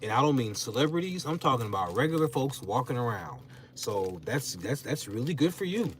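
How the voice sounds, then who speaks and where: A man's voice: medium pitch, brisk, a little hiss or hum. A young man and content creator talking in a casual, slangy rant on a podcast, emphatic and mocking. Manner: animated, emphatic, slangy, mocking quoted voices. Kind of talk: casual talk-show rant.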